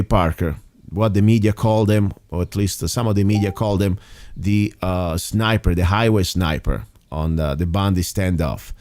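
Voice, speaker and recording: A man's voice: fairly low pitch, a little mellow, no echo. A man with an Italian accent hosting a political talk radio show, speaking emphatically with frequent restarts and sounding a bit tired. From Italy. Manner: emphatic, rambling, restarts often. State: tired and irritated.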